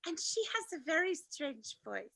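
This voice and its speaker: Host, woman: casual video-call chat, slightly high voice, rambling asides. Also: sing-song, normal speed, creaky, sharp tone, low-quality recording. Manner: chatty, trails off mid-thought. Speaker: host of a viewing party.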